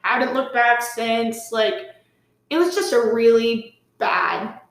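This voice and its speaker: A woman's voice: a little high, slow. A woman guest telling a story in casual chat, full of "like" and swearing, acting out what people said. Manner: animated, swearing, lots of "like", acts out quotes. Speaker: podcast guest. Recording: roomy echo.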